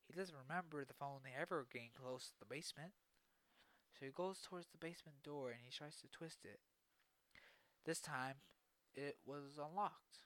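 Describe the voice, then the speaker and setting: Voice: mid-range voice, normal speed, fairly bright tone, no room sound. A podcast host narrating a spooky story in an improvised way, with spoken sound effects and frequent restarts.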